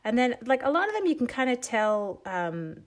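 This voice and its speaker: A woman's voice: on the high side, big pitch swings, moderate pace. A middle-aged Canadian woman rambles cheerfully through a live stamping class, often breaking off for side stories. She sounds a little under the weather, and faint noise sits behind her voice. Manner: chatty, rambling, self-interrupting. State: sick, coughing. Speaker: stamping demonstrator. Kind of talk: live craft demo with chatty stories.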